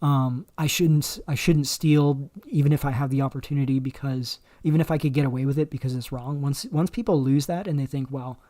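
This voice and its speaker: A man hosting a livestream, talking in a rambling, halting way with many fillers and restarts. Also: mid-range voice, steady tone, warm tone, no room sound, studio quality. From Canada. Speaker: livestream host. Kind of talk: casual livestream commentary.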